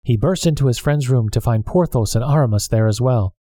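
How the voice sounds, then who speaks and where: A man reading a storybook aloud in a calm, steady manner. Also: mid-range voice, brisk, dry recording. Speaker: narrator. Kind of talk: storybook narration.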